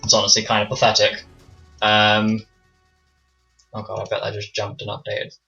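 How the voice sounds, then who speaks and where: A man narrates a tabletop game as game master, casual and profane, muttering to himself as he sorts the map. His voice is very bright and sharp. The stream audio is slightly dull, with faint music behind. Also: lowish voice, monotone, moderate pace, gravelly.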